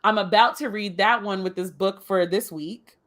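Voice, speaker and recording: A woman co-hosting a book club podcast in casual chat, emphatic and quick to laugh. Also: mid-range voice. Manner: animated, laughs often, emphatic announcements. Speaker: podcast co-host.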